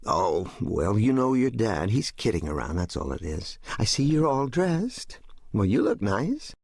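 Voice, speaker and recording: A man voicing a busy mother who answers briskly and brushes off worries. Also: on the low side, sing-song, creaky, a little mellow, slightly rough, dry recording, studio quality, heavily acted. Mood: brushing off. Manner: brisk, dismissive reassurance.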